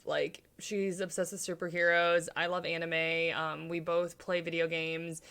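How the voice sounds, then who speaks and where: A woman's voice: on the low side, little pitch movement, measured pace, a bit bright, smooth. A young woman hosting a casual reaction chat, gushing and emotional, full of "um" and "like". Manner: gushing, emotional, many fillers like "um" and "like". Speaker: host.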